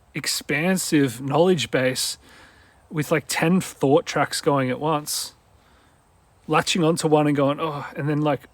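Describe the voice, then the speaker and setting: Creaky, dopey-sounding man with a mixed accent. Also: on the high side, no echo. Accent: mixed Australian, British and Irish. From Australia. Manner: meandering, goes off on tangents. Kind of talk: rambling casual monologue.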